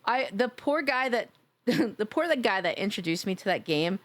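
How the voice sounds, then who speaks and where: A woman's voice: mid-range voice, big pitch swings, moderate pace. A woman live-streaming, chatting casually with her viewers, gushing and playful as she reads chat aloud.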